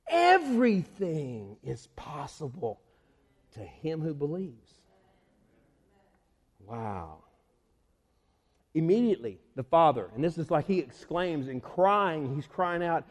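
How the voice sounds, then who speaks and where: Animated high-voiced preacher in a reverberant hall. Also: male voice, a little slow, long pauses. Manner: animated, acts out the story's voices with laughter. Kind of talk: sermon.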